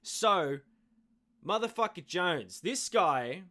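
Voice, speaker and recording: Australian male streamer, casual profane chat, slow delivery, slightly high voice, dry close mic. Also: very animated, pushed and bright, no room sound. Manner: loose, profane chatter to viewers. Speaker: livestream host. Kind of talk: casual live reaction commentary.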